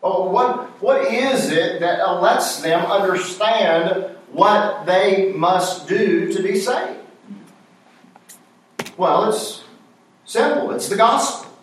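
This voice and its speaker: A man's voice: sits high, expressive, takes it slowly. Man, preacher, sermon, call-and-response questions, distant mic, heavy church echo. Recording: very echoey church hall, voice from far off.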